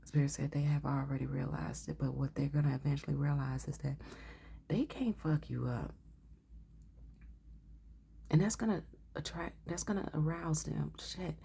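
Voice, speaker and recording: A woman's voice: low voice, normal speed, gravelly, long pauses, warm tone, slightly rough. A woman giving a casual tarot reading, blunt and profane, often dropping into a whisper. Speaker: tarot reader.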